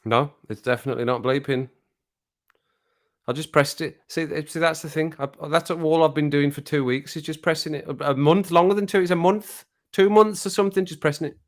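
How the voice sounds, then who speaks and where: A man's voice: fairly high pitch, fairly even intonation, fairly quick. Chatty Black Country man streaming live. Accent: Black Country English. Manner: rambling, chatty, laughs often. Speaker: livestream host. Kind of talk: casual livestream chat.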